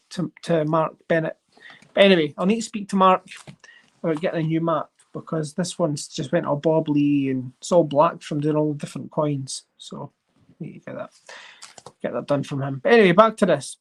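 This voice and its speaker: Chatty coin collecting host. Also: medium pitch. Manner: chatty and rambling, excitable over finds. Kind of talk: casual livestream chat while sorting coins.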